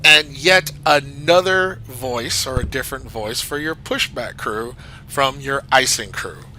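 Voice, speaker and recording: Bright, chatty man. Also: mid-range voice, unhurried, slight background noise, low-quality recording. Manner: chatty and enthusiastic, rambling asides. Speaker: flight simulator reviewer. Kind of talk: casual commentary.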